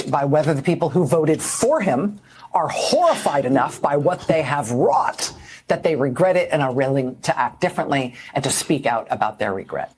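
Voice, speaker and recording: Broadcast pundit: a woman, slightly raspy, earnest and emphatic. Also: extremely low pitch, a little mellow. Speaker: TV news commentator. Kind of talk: broadcast commentary.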